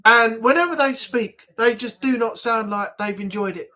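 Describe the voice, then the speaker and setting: A man's voice: very high voice, moderate pace, sharp tone. A man from the United Kingdom hosting a casual livestream chat, rambling and blunt. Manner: rambling, chatty, blunt, with frequent restarts. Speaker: livestream host. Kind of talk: casual live chat reading comments.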